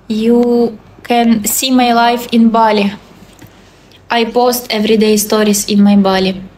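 A woman's voice: fairly high pitch, little pitch movement, slow, darkish tone, slight background noise, poor audio. A young woman in her twenties with a Belarusian accent, chatting cheerfully on a livestream in broken English, repeating greetings and thanks. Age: 20s. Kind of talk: casual live-stream chat reading comments.

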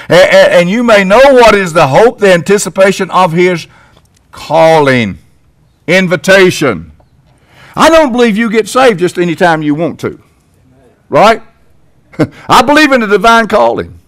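Preaching from a church sanctuary, this older pastor from Tennessee speaks with a Southern accent and a high, fairly bright voice. His sermon is homespun and forceful, punctuated by abrupt swells.

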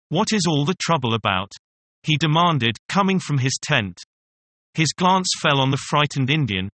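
Bright-voiced man reading a storybook. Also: medium pitch, no echo. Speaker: story reader.

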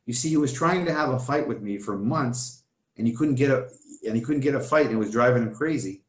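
A man tells his life story in an earnest, storytelling way. His voice sits at an ordinary middle pitch. The room around him is roomy and echoey. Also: a little fast. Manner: earnest storytelling, often addressing the host by name. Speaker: guest. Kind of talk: telling a personal testimony.

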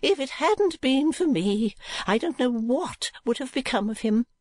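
A man's voice: very high voice, animated, a little slow, dry recording, pitched above the performer's own voice, heavily acted. A man voicing a fussy, rambling middle-aged mother who talks on and on, gushing and easily tearful.

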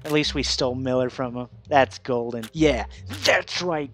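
A man's voice: mid-range voice, expressive, measured pace. Brief: man, gaming video commentary, rants and swears, light music under the voice. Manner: ranting, swearing, laughing, mock voices. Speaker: gaming YouTuber. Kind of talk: casual gameplay commentary.

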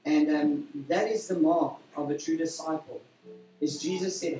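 A man, a pastor leading a church service, talking in a warm, rambling way with many fillers and self-corrections. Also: fairly high pitch, steady tone, normal speed. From South Africa. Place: church hall during a service. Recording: roomy church hall from a distance, faint music.

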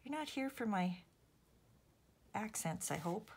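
As she makes cards, this Canadian woman hosting a casual crafting vlog chats with viewers in a self-deprecating way, occasionally murmuring to herself. Her medium-pitched voice is expressive and slow-paced, with slight background noise.

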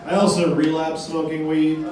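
A young man doing a stand-up set, delivering deadpan one-liners with long pauses into a handheld mic on a comedy club stage. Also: a little high, recorded from a distance, noisy background. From Boston area. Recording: echoey club from afar.

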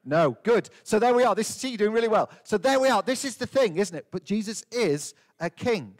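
A light, high-voiced man giving a children's talk in church. He keeps it playful, firing questions at the young ones and teasing out their answers. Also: expressive, a little fast. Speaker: priest leading a family service.

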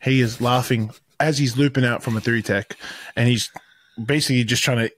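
A man's voice: mid-range voice, steady tone, fairly quick. A young adult man with an Australian accent, a podcast guest in casual chat who repeats his phrases as he talks.

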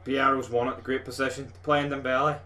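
A young Scottish man giving live, sweary gameplay commentary as a gaming video host, rowdy and excitable like a football fan. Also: mid-range voice, a little fast.

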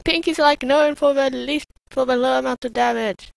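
A woman narrating her gameplay in a high, slightly gravelly voice, yelling taunts at the monsters between slower asides. The recording is dry and close. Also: dry recording, rough recording. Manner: excitable, shouts taunts at enemies. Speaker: gamer. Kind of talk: let's play commentary.

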